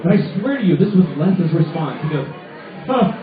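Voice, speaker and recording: A man telling a stand-up story in an animated way, jumping into loud character voices. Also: on the high side, fast talker, far from the mic, a crowd in the background. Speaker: stand-up comedian. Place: comedy night in a sports pub. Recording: roomy bar recorded from afar on lo-fi audio. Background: audience laughter.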